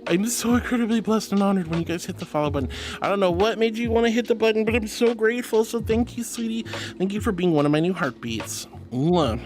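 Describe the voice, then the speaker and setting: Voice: medium pitch, fast talker, a little mellow, soft background music. A VTuber streamer in casual live-stream chat, gushing over viewers and calling them sweetie and honey, often breaking into giggles.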